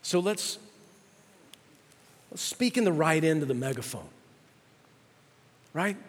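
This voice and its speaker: A man's voice: a little high, animated, takes it slowly. A male pastor preaching a sermon to his congregation, out of breath and speaking with building intensity. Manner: preaching with rising intensity, addresses ladies and gentlemen. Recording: long hall reverb.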